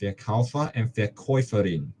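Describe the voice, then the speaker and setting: A man's voice: lowish voice, animated, a little fast, a little mellow, a little hiss or hum. A young man from Hong Kong, a student vlogger, muttering and joking to himself as he studies. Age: young adult. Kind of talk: study-with-me self-talk.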